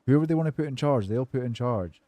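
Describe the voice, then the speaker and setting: A man's voice: medium pitch, animated, fast talker, dark tone, no echo. A man streaming a game and chatting casually with viewers, laid-back and cynical, swearing freely and rambling between topics while he answers chat.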